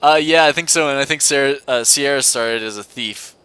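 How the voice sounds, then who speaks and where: A man's voice: mid-range voice, fairly quick, pushed and bright, slight background noise. A young man hosting a co-op game video, reading a visual novel aloud with playful, giggly asides. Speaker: let's-play host reading a visual novel. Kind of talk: casual co-op game commentary and read-aloud. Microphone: desk mic at a computer.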